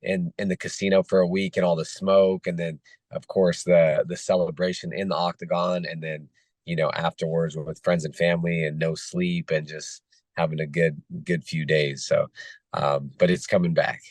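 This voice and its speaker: A hoarse man in his thirties, a fighter being interviewed, talking casually with halting restarts and fillers. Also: sits low, little pitch movement, a little mellow, no room sound. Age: 30s. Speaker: guest fighter.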